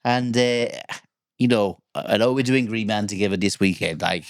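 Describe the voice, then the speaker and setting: A man's voice: on the low side, normal speed, dry recording, studio quality, voice pushed down, close to an everyday voice. A man doing a comic impression of a laddish middle-aged male DJ, matey and coaxing, swearing freely. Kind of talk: comedy impression.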